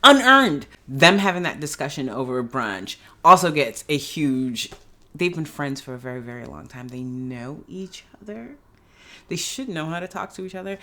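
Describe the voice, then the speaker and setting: A woman giving a casual, animated reaction review of a TV episode, ranting in exasperation and laughing as she talks. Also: low-pitched, normal speed. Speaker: show reviewer. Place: at home in pajamas.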